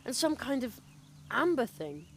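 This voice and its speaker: A woman's voice: fairly high pitch, very animated, measured pace, background noise. A woman voicing a curious, polite young boy apprentice magician in a video game, speaking with earnest wonder.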